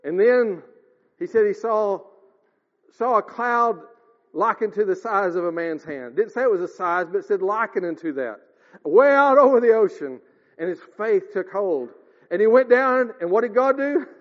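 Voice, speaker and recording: A man's voice: lively intonation, normal speed. A man preaching a sermon in an earnest way, often calling his listeners dear ones and swinging his voice up and down. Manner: earnest, addresses listeners as dear ones, rises and drops in pitch. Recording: lo-fi with long hall reverb.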